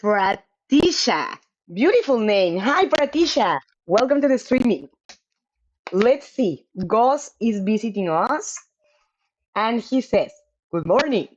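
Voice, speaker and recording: A woman's voice: on the high side, big pitch swings, takes it slowly. Chatty woman game streamer, lo-fi mic. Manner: chatty, apologetic, laughs often. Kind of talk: casual live-stream chat.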